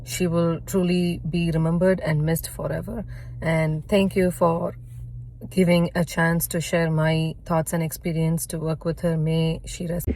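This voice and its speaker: A woman's voice: low-pitched, flat delivery, a little slow, a little mellow, slight background noise. A woman giving an earnest, grateful memorial tribute to a mentor and colleague.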